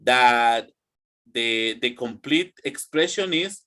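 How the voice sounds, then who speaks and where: A man's voice: mid-range voice, lively intonation, slow pace, bright, forceful tone. A young man teaching an English grammar class, drilling students to repeat after him. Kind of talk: online classroom lesson.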